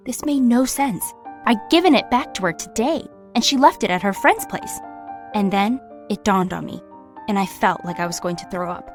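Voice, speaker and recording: A young woman narrating her own story in the first person, emotional and confiding. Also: on the high side.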